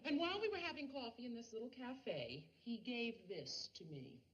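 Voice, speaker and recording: An actress playing a flustered young wife who hesitates and stammers over a secret. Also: female voice, fairly high pitch, huge pitch swings, normal speed, dull audio. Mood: dreamy.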